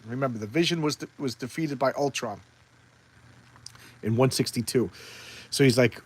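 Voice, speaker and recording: A man's voice: mid-range voice, moderate pace, pauses often, husky, no echo. A man reviewing old comic books in casual chat, talking eagerly and rambling with frequent restarts.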